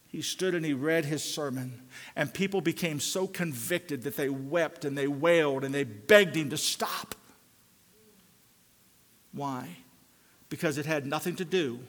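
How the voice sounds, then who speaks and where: An older man preaching a sermon. His delivery swings from loud, fervent climbs to hushed, low pleading. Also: in a large hall.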